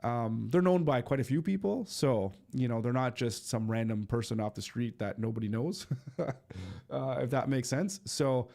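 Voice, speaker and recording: A man's voice: medium pitch, animated, normal speed, vocal fry, warm tone. A man with a stuffy nose hosting a casual livestream, chatting loosely with lots of fillers and restarts. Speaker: livestream host. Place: home studio in eastern Canada.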